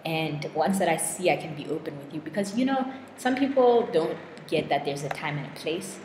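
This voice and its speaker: A woman's voice: deep voice, expressive, normal speed. A young woman in a casual vlog monologue, chatty and self-deprecating, full of fillers and restarts. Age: young adult. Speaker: vlogger. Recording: echoey room with long reverb and clear noise.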